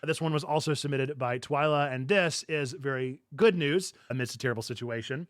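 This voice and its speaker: A man hosting a casual news show, chatty and animated, often laughing through his words. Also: mid-range voice, a little fast, few pauses, no room sound, studio quality. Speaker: podcast host.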